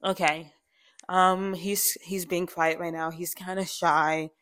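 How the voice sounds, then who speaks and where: In a slow, level delivery, a young adult podcast host with a lowish, slightly bright voice speaks candidly, with no room sound. Her casual, chatty monologue is peppered with fillers and self-corrections.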